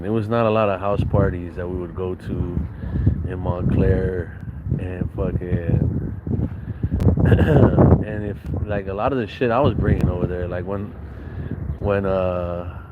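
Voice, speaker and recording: A man with a lowish voice tells a loose, rambling story. His talk is full of street slang and swearing, and he often restarts a thought midway. The delivery stays relaxed and conversational throughout. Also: phone-quality sound, heavy background noise. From San Bernardino, Southern California. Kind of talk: casual storytelling.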